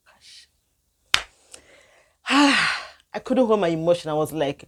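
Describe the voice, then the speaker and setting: A young woman vlogger telling a personal story to her viewers in non-standard English, emotional and animated. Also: on the low side, slow, pauses often. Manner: animated, emotional retelling with frequent laughs and sighs.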